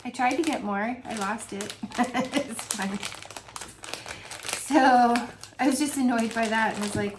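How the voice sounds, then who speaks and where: A woman's voice: a little high, steady tone, unhurried, noisy background. A woman chatting casually in a home review video, gushing and laughing often as she describes her favorite scents. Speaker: wax melt reviewer. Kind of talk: casual product review vlog.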